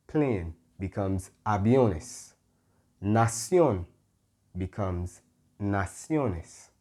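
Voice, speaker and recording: A man teaching a Spanish grammar lesson, patient and careful, often pausing with "mm-hmm" and correcting himself. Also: lowish voice, dark tone. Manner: patient, stops to self-correct, frequent "mm-hmm" fillers. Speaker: Spanish tutor.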